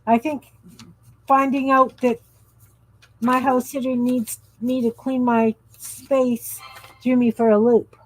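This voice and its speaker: Slow-talking, rambling woman in her fifties. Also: sits high, flat delivery. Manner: rambling, chatty, easily sidetracked. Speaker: craft livestream host. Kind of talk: casual chat while crafting.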